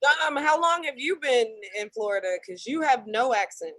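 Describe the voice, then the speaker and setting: A woman co-hosting a casual chat show, with a voice a bit higher than most. She sounds upbeat and steers the talk from one segment to the next. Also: expressive, moderate pace, fairly bright tone. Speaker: co-host.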